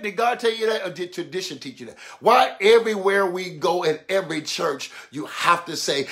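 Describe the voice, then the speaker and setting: A man preaching a sermon, animated and colloquial, acting out voices to make his points. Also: sits high, normal speed. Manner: animated, mimics voices, laughs.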